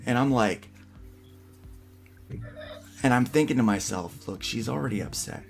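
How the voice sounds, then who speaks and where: A man's voice: medium pitch, lively intonation, unhurried, gravelly, pauses often, soft background music. A man hosting a casual livestream podcast, telling a rambling family story full of restarts. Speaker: podcast host.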